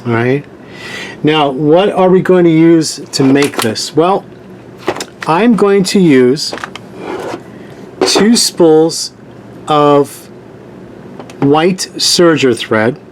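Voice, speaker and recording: A man's voice: on the high side, expressive, drawn-out words, long pauses, background noise. A man hosting a sewing tutorial, giving patient step-by-step instructions and repeating key points.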